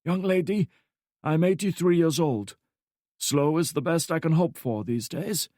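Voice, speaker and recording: Man voicing a gruff old driver in his eighties, flat calm delivery, wry, audiobook figure, dry sound. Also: a little high, measured pace, no room sound, pitched above the performer's own voice, close to an everyday voice.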